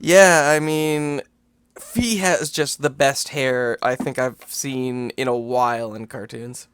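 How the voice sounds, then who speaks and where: A young man co-hosting a podcast in casual chat, retelling cartoon scenes with animated energy. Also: slow pace, smooth, dry recording. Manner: animated retelling, jumps into squeaky character voices. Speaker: podcast co-host.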